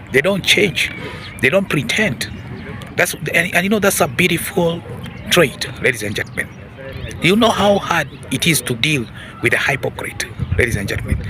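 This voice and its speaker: A man hosting a casual commentary talk, repeating himself and often calling out "ladies and gentlemen" with questioning hmms and huhs. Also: on the high side, background noise. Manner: repetitive, addresses audience as ladies and gentlemen; peppers talk with hmm and huh. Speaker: commentary channel host.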